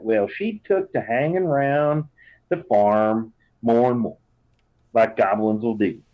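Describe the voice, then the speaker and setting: A man voicing a fierce, doting farm mother with an American Southern drawl, reading out a rambling letter home. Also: medium pitch. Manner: warm, rambling, folksy drawl. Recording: dull lo-fi sound.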